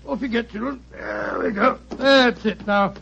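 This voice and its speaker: A man's voice: sits high, measured pace, gravelly, pushed and bright, a little hiss or hum, exaggerated voice. An actor playing Doctor Watson, a genial, flustered man dressed as Santa, in a 1940s radio play with dull, old sound. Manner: jolly, flustered, chuckling.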